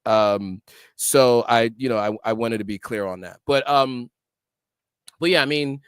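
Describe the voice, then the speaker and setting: A middle-aged American man talks through viewer questions on a casual livestream, pausing often with ums and false starts. His voice is smooth and resonant, at a middle pitch. The sound is close and dry, with no room in it. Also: no room sound. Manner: hesitant, many ums and restarts. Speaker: livestream host reading viewer comments.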